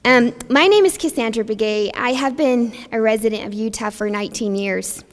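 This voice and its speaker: A young woman speaking at a press conference as a community advocate, emotional and halting, pausing with nervous laughs and fillers. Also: fairly high pitch. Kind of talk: emotional public speech. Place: press conference in a large hall. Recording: long hall reverb.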